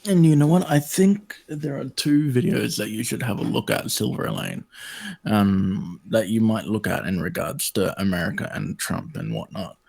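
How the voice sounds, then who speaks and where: Husky-voiced man in a casual chat. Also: on the low side, lively intonation, normal speed, a little mellow. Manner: emphatic, swears for stress. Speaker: guest.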